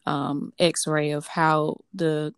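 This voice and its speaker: Low-voiced young woman, hesitant storytelling. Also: little pitch movement, smooth, no echo, clean studio sound. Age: young adult. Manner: hesitant, halting, many fillers and restarts. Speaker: guest. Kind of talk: personal storytelling in a podcast interview.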